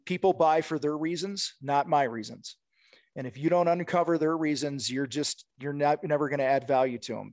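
A man's voice: medium pitch, a little mellow, no room sound. A man coaching contractors on sales in casual podcast talk, blunt and direct, acting out sales calls.

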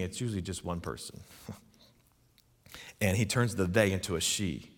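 A man's voice: sits low, unhurried, long reverb tail. A man preaching a sermon, earnest and emphatic, putting questions to his listeners. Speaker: pastor.

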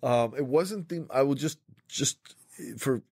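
Man, podcast host, mid-pitched voice, playful banter, dry close sound. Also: unhurried, a little mellow, no room sound. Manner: playful, joking, mock-formal. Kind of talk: casual comic chat.

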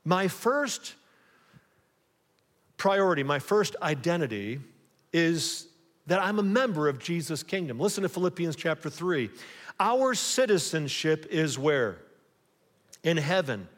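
A man from the United States preaches to a congregation, his voice sitting a little high. He lifts his emphasis and puts questions back to the room, and each phrase rings out into the long reverb of a church sanctuary. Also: sing-song, a little slow, long pauses. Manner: call-and-response preaching, rising emphasis. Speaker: pastor. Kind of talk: sermon.

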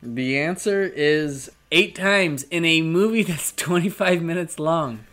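A man's voice: fairly high pitch, unhurried, fairly bright tone. A man co-hosting a podcast, chatting casually and joking, laughing often and slipping into silly voices. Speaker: podcast co-host. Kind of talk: casual chat.

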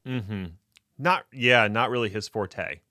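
Bright-voiced jokey male podcast host. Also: on the low side, takes it slowly, no room sound, studio quality. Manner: jokey, playful deadpan bits. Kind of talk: casual banter.

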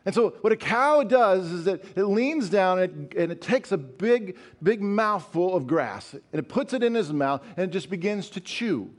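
Male pastor, middle-aged, from rural Colorado; high-pitched, emphatic, repetitive sermon delivery with questions to the room. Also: animated, moderate pace, few pauses. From northeastern Colorado. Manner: emphatic, repeats phrases, asks the congregation questions.

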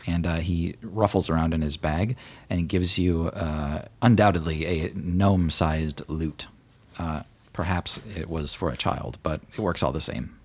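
A man narrating as game master of a tabletop game, relaxed and full of fillers. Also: low-pitched, a little slow, few pauses, slightly rough.

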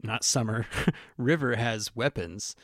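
A man hosting a podcast in a casual, animated way, laughing often and acting out lines he quotes. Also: medium pitch, slow pace, no room sound, studio quality. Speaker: podcast host. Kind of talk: casual chat.

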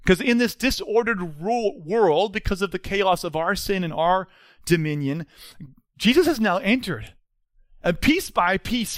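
A man's voice: high voice, a bit bright, no room sound. A man, preaching a sermon as pastor in an earnest, emphatic way.

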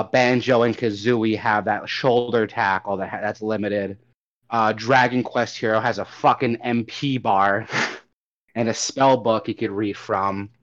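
A young man co-hosting a casual gaming chat, rambling and animated, swearing casually as he goes. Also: lowish voice. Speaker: podcast co-host. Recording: dull lo-fi audio.

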